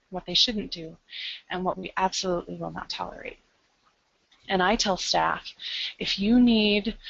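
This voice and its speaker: A woman's voice: fairly low pitch, vocal fry, fairly bright tone, no echo. A woman librarian with an American Midwest accent, giving an upbeat, conversational webinar presentation with frequent ums. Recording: dull lo-fi online call audio.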